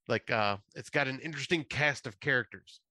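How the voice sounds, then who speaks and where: Bright, rambling male podcast host. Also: mid-range voice, a little fast, dry recording. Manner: rambling, full of fillers. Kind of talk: casual chat.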